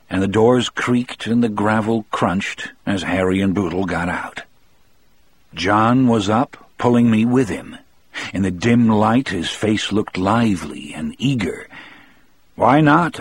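A man narrating an audiobook in the first person, measured and grim. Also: fairly low pitch, breathy edge, no room sound.

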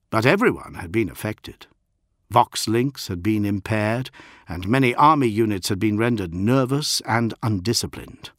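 A man reading a science fiction audiobook in a measured, dramatic way. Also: fairly low pitch, a bit bright, dry recording, studio quality. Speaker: audiobook narrator. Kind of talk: scripted narration of science fiction.

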